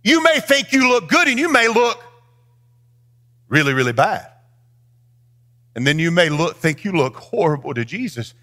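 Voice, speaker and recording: A man's voice: high-pitched, sing-song, normal speed, pauses often, bright, forceful tone. A male pastor preaching a sermon in a church, speaking straight to his congregation and swinging his lines up into a sing-song emphasis.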